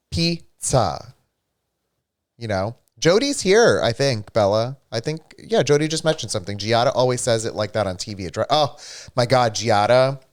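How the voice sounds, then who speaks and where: Young male streamer, smooth clear voice, animated, playfully argumentative banter. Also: medium pitch. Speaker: livestream co-host. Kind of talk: casual gaming stream chat.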